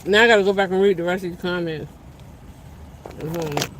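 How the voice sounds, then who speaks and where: A woman's voice: lowish voice, normal speed, very noisy. A young woman hosting a casual live stream, chatting in a laid-back, slangy way, laughing often, reading viewer comments and talking while she eats. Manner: talks while eating. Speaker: livestream host. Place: outdoors while walking.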